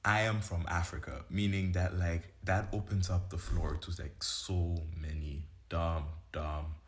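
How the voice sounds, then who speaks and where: A man's voice: sits low, level tone, unhurried. A man from Côte d'Ivoire and Tanzania telling a blunt, profane story to camera.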